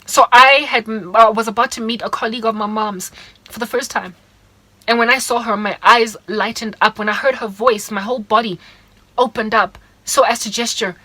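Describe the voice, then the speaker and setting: A woman's voice: mid-range voice, fairly even intonation, a little fast, bright, forceful tone, no room sound, low-quality recording. A young South African woman with a South African accent, earnestly sharing a hurt, confiding personal testimony in a vlog. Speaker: vlogger.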